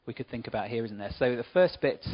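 A man gives a relaxed, conversational talk to a church congregation, throwing in friendly asides between points. His voice sits at a middle pitch. The recording sounds a little muffled and dull. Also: quick pace. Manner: chatty, warm asides to the congregation. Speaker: church speaker.

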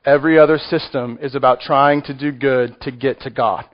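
A man's voice: medium pitch, steady tone, normal speed. A man with a Texan accent preaching a sermon, conversational and joking with the congregation. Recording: muffled lo-fi recording.

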